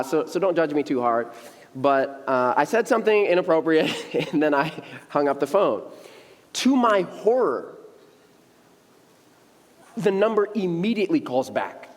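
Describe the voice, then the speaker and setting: A man in his thirties preaching as a young adults pastor, telling a funny story in a casual, playful way and acting out voices, in a church sanctuary. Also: fairly high pitch. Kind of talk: humorous storytelling sermon. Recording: long church reverb.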